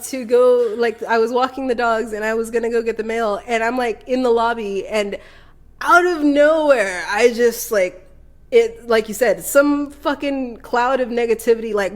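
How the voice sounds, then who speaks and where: Animated, profane woman podcast co-host. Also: on the high side, a little slow. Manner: profane, animated, laughs often. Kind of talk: casual podcast chat.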